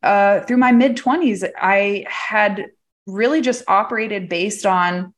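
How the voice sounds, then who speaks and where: A woman from Texas, a guest on an interview, tells her story in loose, candid conversation. She leans on fillers, laughs easily and swears now and then. Her voice sits at an ordinary middle pitch for a woman. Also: takes it slowly. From Texas, USA. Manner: chatty, filler-heavy, frequent laughs; candid, uses swear words freely. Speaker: guest, psychic medium.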